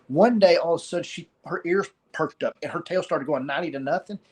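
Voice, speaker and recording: A middle-aged man with a somewhat high voice tells a personal story of loss. He speaks haltingly, pausing often and starting phrases over. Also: a little mellow, breathy edge. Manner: halting, pauses and repeats words. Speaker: guest sharing a story of loss.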